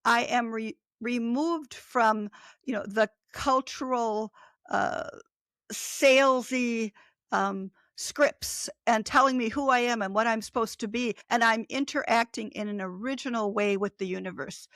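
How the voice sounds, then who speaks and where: A woman's voice: fairly high pitch, unhurried, fairly bright tone, dry recording. A middle-aged woman author in a casual interview, speaking reflectively and laughing often. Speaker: author and guest.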